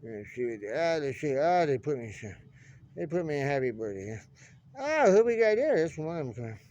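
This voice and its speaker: A man's voice: fairly high pitch, very animated, a little fast, darkish tone, muffled recording. A man rambling chattily to camera outdoors, repeating himself and talking to the birds, filming one-handed on a phone. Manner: chatty, repetitive, talks to birds. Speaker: vlogger. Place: outdoors on pavement. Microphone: phone camera held in one hand.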